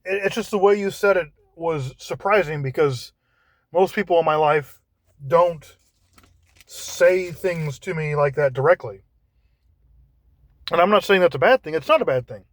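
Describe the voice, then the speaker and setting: Guy rambling casually, keeps restarting his words, kinda high voice, dry sound. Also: dry recording. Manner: halting, repeats words while searching for phrasing. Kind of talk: casual monologue.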